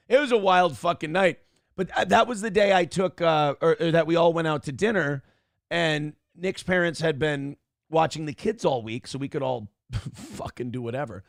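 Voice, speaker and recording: A man's voice: on the high side, moderate pace, gravelly, no room sound, studio quality. A man hosting a morning show, telling a rambling, profane story in casual talk and acting out the people he quotes. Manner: profane, rambling, acts out quotes in other voices.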